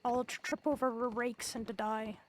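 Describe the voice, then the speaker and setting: A woman, roleplaying in character in halting, stammering speech. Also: fairly high pitch, steady tone, slight background noise. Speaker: streamer playing a street rat.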